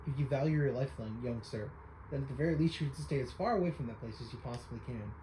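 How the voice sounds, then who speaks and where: A man's voice: mid-range voice, fast talker, warm tone, roomy sound, slight background noise, close to an everyday voice, rough recording. A man voicing an eccentric old male pictograph enthusiast, reading game dialogue aloud in old-fashioned formal speech and calling the listener young sir. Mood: solemn.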